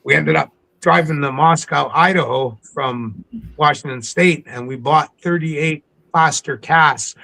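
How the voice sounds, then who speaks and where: A man from coastal British Columbia, a podcast guest telling stories in a casual interview, animated and acting out the people he quotes. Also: on the high side, measured pace, gravelly, rough recording. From coastal British Columbia, Canada.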